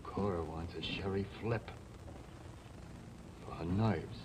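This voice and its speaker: An actor playing a rough New bartender who grumbles in slang and mimics others' voices, in a 1960 television drama. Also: male voice, deep voice, takes it slowly, noisy background. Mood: grumbling. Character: rough bartender, anxious and defensive.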